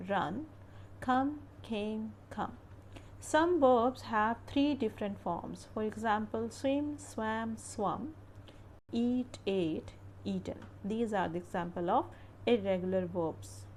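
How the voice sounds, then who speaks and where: A woman's voice: a little high, darkish tone, slight background noise. A woman teaching English grammar, reading out rules and verb lists as careful drills. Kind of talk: slow grammar lesson narration.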